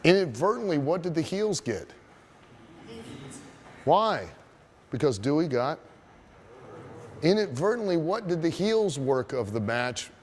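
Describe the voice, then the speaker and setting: A man who is a wrestling trainer telling a story as a lesson, profane and animated, asking his listeners rhetorical questions. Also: fairly high pitch, measured pace, long pauses, slight background noise.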